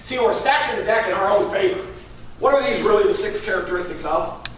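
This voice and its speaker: Teaching a sales class, this man speaks quickly, acts out his pitch to clients, and keeps checking in with "all right?". The recording comes from a distance in a very echoey room, with a little background noise.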